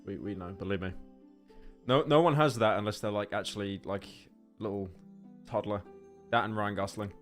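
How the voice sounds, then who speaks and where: A lowish male voice at normal speed delivers sarcastic, joking livestream chatter from a home setup. He rambles and frequently stammers or repeats words into his desk microphone, with faint game music in the background.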